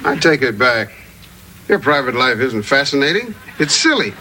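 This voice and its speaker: A man playing a dry, sardonic household manager who talks deadpan. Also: medium pitch, moderate pace, lightly acted. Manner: deadpan and sarcastic. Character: dry, sardonic middle-aged male manager. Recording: noisy old TV sitcom recording.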